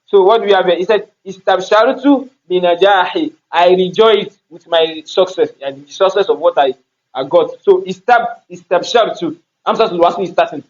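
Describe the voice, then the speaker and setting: A man's voice: high-pitched, lo-fi sound. A man teaching an Arabic grammar class, explaining step by step, repeating himself and asking rhetorical questions.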